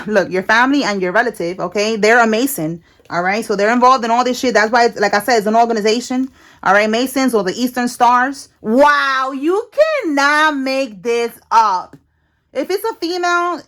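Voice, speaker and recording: A woman talks through a tarot reading in a loose, casual way. She is blunt and slangy, swears freely, and keeps checking in with "all right?". Her voice sits slightly high. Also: fairly bright tone. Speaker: tarot reader.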